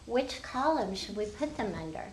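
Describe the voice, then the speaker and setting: A woman's voice: medium pitch, lively intonation, moderate pace, slight background noise. An older woman teacher explaining a phonics lesson in an upbeat, teacherly way, talking to fellow teachers. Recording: roomy echo.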